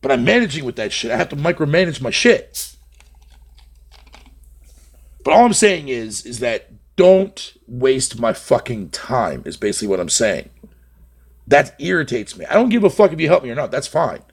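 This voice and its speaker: Male streamer, ranting casually with lots of profanity; pitch rises and falls widely; rambling, filler-heavy delivery. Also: sing-song, moderate pace, vocal fry, husky. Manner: venting, heavy swearing, rambling; frequent filler phrases. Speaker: live streamer. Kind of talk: casual live-stream chat.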